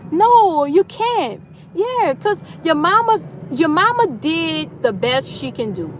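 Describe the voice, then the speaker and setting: A middle-aged woman from New Orleans with a New Orleans accent, chatting loudly and animatedly with viewers on her livestream. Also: very high voice, takes it slowly, slight background noise. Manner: loud, animated Southern talk with lively swings. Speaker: livestream host. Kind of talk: casual chat reading viewer comments.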